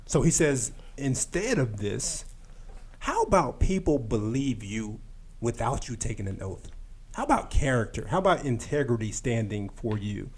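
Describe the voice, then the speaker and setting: Pastor host, mid-pitched man, earnest, builds emphasis as he talks and reads scripture. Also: big pitch swings, normal speed, a little mellow, slightly rough. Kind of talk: casual faith podcast chat with scripture reading.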